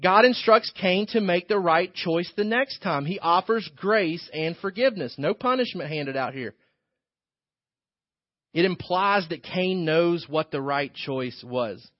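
A man gives a sermon from the pulpit in a conversational preaching style, often asking rhetorical questions. His voice sits high for a man. The recording is dull and lo-fi, and the sound is dry, with almost no room echo. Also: animated, a little slow. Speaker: pastor.

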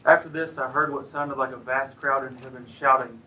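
A man's voice: medium pitch, fairly even intonation, moderate pace, hardly any pauses, poor audio. A man reading scripture aloud during a church service, putting emphasis on the proclaimed lines. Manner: emphatic, rising on the shouted lines. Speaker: scripture reader.

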